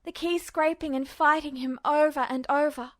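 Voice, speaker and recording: A woman's voice: high-pitched, steady tone, normal speed, fairly bright tone, no room sound. A woman reading a fanfiction aloud as scripted narration, in a tense and emotional telling. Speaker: podfic reader.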